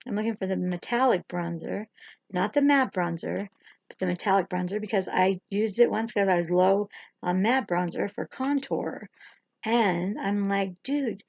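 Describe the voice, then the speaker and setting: A woman hosts a chatty livestream makeup tutorial, rambling, joking and teasing herself as she works. Her medium-pitched voice has vocal fry, captured by a camera or phone with dull lo-fi sound and slight background noise.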